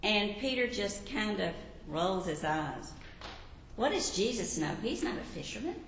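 A woman's voice: medium pitch, very animated, measured pace, a little hiss or hum. A woman teaching a sermon, telling Bible stories and asking the listeners questions. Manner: warm storytelling, asks the listeners questions. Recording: echoey hall with long reverb.

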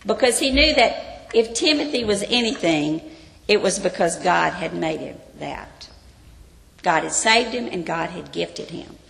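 A woman's voice: on the low side, animated, measured pace, gravelly, fairly bright tone. A woman Bible teacher giving an earnest sermon, often asking her listeners rhetorical questions. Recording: long reverb of a large hall.

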